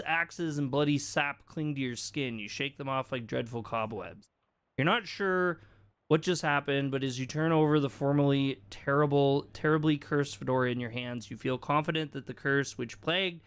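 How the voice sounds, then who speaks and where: A man streaming a video game live, reading the on-screen text aloud and chatting between lines. His voice is smooth and resonant, at a middling pitch, and his manner is casual. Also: normal speed, fairly bright tone. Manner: casual, reacts and laughs while reading.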